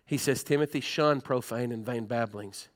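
A middle-aged man, preaching a sermon in a church with animated, folksy storytelling and humor. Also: mid-range voice, normal speed. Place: church sanctuary.

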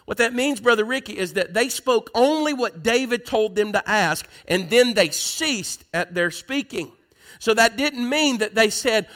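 A man's voice: high-pitched, normal speed, fairly bright tone. A man preaching a sermon in church, reading scripture aloud and asking the congregation questions.

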